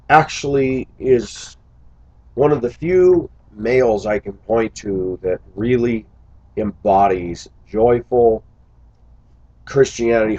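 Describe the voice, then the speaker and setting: A man's voice: lowish voice, dark tone, lo-fi sound. A man talking to his viewers in a casual vlog monologue, musing aloud and breaking into exclamations. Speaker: vlogger.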